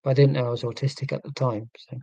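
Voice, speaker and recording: A man's voice: medium pitch, flat delivery, fast talker, gravelly, mellow, no echo, low-quality recording. A man with an English Midlands accent chatting casually and wryly, rambling a little as he talks. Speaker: channel host. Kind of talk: casual chat.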